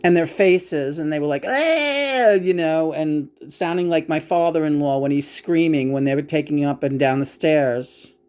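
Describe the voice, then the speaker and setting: A woman's voice: low voice, fairly even intonation, normal speed, hardly any pauses, dark tone, clean tone. Woman ranting, profane and emotional. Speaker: vlogger. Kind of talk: casual monologue.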